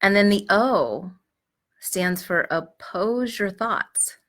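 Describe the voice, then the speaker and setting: A middle-aged woman hosting a live advice show, speaking gently and reflectively, with frequent fillers and restarts, clearing her throat now and then. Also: medium pitch, lively intonation, slow. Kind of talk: live-streamed advice talk.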